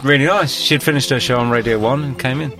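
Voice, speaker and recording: A man from Northampton co-hosting a radio show, teasing his co-hosts in a dry, low-key way. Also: fast talker, pushed and bright, faint music behind. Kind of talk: casual radio chat.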